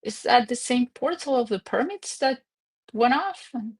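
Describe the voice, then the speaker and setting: A woman's voice: on the high side, lively intonation, measured pace, creaky, slightly rough. Chatty woman streaming from home. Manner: chatty, rambling, laughs often. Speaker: livestream host. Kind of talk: casual livestream chat.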